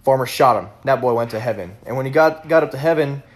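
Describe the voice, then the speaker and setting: A man's voice: mid-range voice, fast. Laid-back man telling a joke. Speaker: joke teller.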